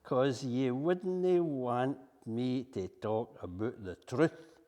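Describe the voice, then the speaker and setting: A Scottish man reading a poem aloud as a gruff male newsreader who speaks broad Scots, slow and emphatic. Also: medium pitch, mellow, lightly acted. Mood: defiant. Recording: long hall reverb.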